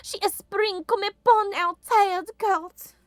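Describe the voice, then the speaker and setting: A woman doing a gushing, high-voiced court lady. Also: steady tone, slow pace, dry recording, studio quality. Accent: mock French. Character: gushing noblewoman of an imperial court.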